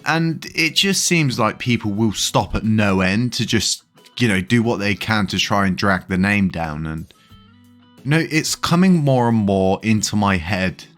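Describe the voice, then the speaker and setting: A man's voice: lowish voice, lively intonation, a little slow, fairly bright tone, faint music behind. A man talking casually to his viewers as a crypto news vlogger, chatty and loose, with lots of fillers and restarts. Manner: chatty, many fillers and restarts, chuckles now and then. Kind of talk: casual commentary to camera.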